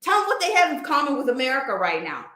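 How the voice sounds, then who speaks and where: Lady host on a rant, high voice, lots of room echo, keeps throwing questions at chat. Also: very animated, fast talker, pushed and bright. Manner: emphatic, fires rhetorical questions. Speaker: livestream host. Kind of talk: casual livestream rant.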